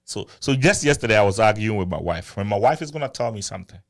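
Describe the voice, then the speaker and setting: A married man in his thirties hosting a casual chat, animated, laughing often and repeating words as he argues a point. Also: fairly low pitch, fast talker. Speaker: podcast host.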